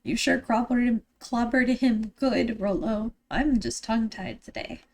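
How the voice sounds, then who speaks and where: A young woman streaming a video game, reading the dialogue aloud and reacting with playful, excitable commentary. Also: a little high, measured pace, vocal fry, faint music behind.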